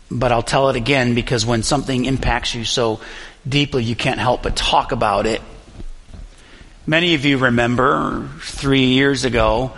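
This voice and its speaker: Young male pastor, mid-pitched and gravelly, earnest storytelling sermon with pauses, long hall reverb. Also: fairly bright tone. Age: young adult.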